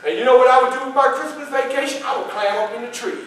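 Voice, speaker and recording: Fast and extremely high-pitched with a fairly bright tone, this man portrays a historical character in first person for library-goers. He keeps it folksy, quizzes the audience and plays the others in his tale. The echoey meeting-room recording comes from a far camera.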